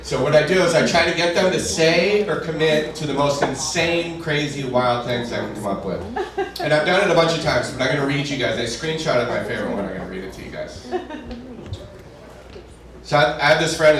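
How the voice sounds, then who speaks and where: A man's voice: medium pitch, brisk. A man doing a stand-up comedy set on stage, telling stories conversationally and punching up his lines. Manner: conversational storytelling, shouts punchlines. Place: comedy club stage before a live audience. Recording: echoey room recorded from a distance with crowd laughter. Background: audience laughing.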